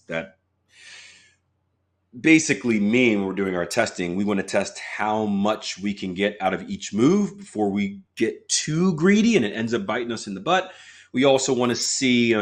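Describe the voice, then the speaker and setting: Speaking in a low register, a man walks his audience through live trading in a relaxed, talkative way. He addresses viewers directly and invites their responses.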